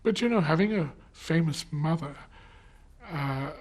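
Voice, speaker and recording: A husky man with a slightly raised voice reflects on a colleague in an interview. He hesitates often and circles back over his words before finishing a thought. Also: on the high side, lively intonation, measured pace. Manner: hesitant, many fillers and restarts. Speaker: interview guest.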